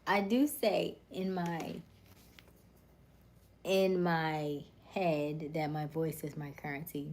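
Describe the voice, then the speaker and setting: A woman hosting a casual live stream, chatting with viewers in a soft, soothing, warm and calm voice that often sinks to a near whisper. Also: sits low, slow pace, slight background noise.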